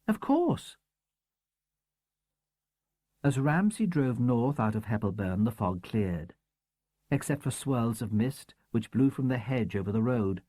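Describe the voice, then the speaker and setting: A man narrates a crime novel audiobook, reading scripted text in a measured, expressive storytelling style. His voice is mid-range and the recording is dry.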